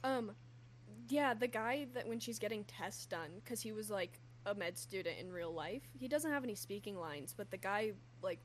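A woman co-hosting a casual podcast chat about a horror film, talking in quick bursts with many restarts and easy laughter. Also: mid-range voice, animated, slight background noise. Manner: chatty, lots of fillers and restarts, laughs easily. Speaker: podcast co-host.

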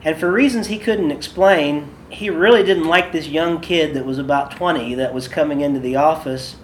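A man's voice: on the high side, normal speed. A man leads a worship workshop in an easy, rambling storyteller's way, full of fillers and side remarks. His voice sits a little above the usual for a man, with a faint hiss in the recording. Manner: chatty, loose, with many fillers and asides. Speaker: worship leader and podcast host. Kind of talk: casual workshop talk with stories.

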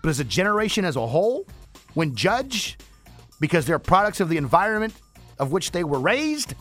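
A man's voice: high voice, very animated, moderate pace, fairly bright tone, soft background music. A man hosting a radio talk show, ranting emphatically with rhetorical questions.

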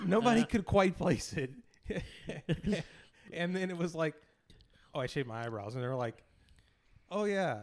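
Man co-host, slightly high voice, teasing, quick to chuckle. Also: expressive. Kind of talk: casual chat.

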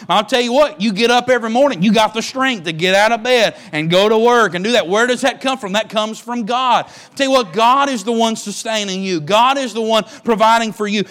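Pastor, male, very high voice, emphatic sermon delivery with repeated words and call-outs to the congregation. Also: fairly bright tone.

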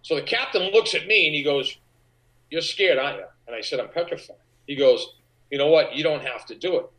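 A middle-aged man, an actor guest, telling animated anecdotes in an interview and acting out the voices of the people in them. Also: a little high, fairly quick, rough recording. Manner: animated, acts out quoted voices. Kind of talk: anecdotal storytelling.

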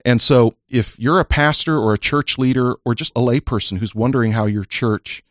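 Jovial podcast host, dry close sound. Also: male voice, medium pitch, normal speed, no echo. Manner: jovial, earnest when explaining. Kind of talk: casual chat and enthusiastic endorsement.

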